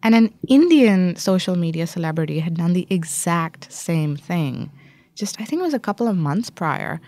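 Low-voiced woman, dry close sound. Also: normal speed, no echo. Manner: thoughtful, fluent, lively storytelling. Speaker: journalist and author, guest. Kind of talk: interview answers.

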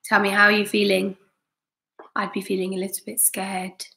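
A woman's voice: mid-range voice, completely flat delivery, moderate pace, creaky, sharp tone. A woman teacher reading a chapter book aloud to her students and encouraging them with praise. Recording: roomy echo.

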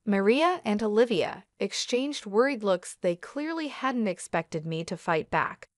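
A woman's voice: medium pitch, animated, unhurried, dry recording. Woman narrating a story, dry sound. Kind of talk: scripted first-person story narration.

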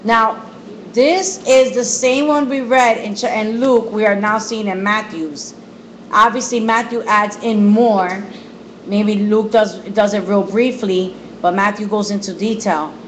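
A woman's voice: mid-range voice, steady tone, a little slow, a little hiss or hum, rough recording. Bible study leader, woman, reads verses and comments with repeated words, phone recording. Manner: repetitive emphasis. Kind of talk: reading scripture aloud and commenting.

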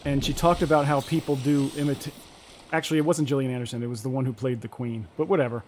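A man's voice: medium pitch, fairly even intonation, fast talker, a little mellow, a little hiss or hum. A man casually chatting and thinking aloud while playing a survival game on stream. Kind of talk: casual let's-play chat.

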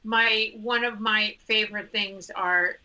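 A woman guest on a comedy podcast, excitable and laughing, often restarting her sentences. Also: mid-range voice, slow, poor audio. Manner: excitable, laughing, self-interrupting. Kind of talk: casual comedic chat.

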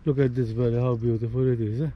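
A man's voice: medium pitch, steady tone, quick pace, lo-fi sound. A man with a Maltese accent, talking casually as he films his hike outdoors, often tagging his phrases with "eh?" and getting tired and short of breath. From Malta. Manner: chatty, ends phrases with "eh?". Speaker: hiker vlogger. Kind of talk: casual walking vlog commentary. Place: outdoors on a hiking trail.

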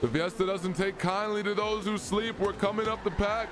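A man's voice: high voice, fairly even intonation, normal speed, music in the background. A young man streaming a racing game live, chatting casually and answering viewers' chat as he plays.

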